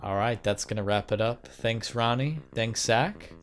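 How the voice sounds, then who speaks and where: A man's voice: lowish voice, measured pace, faint music behind. A man co-hosting a movie podcast in casual chat, hesitant, with many ums and restarts. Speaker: podcast co-host.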